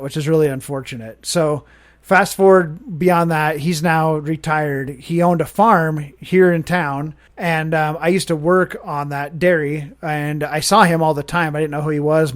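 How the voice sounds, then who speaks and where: A man with a fairly high voice tells a long story in easy podcast chat. He circles back, corrects himself and strings his thoughts together loosely. The high pitch stays steady while he talks. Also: moderate pace. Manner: rambling, self-correcting storyteller. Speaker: podcast guest.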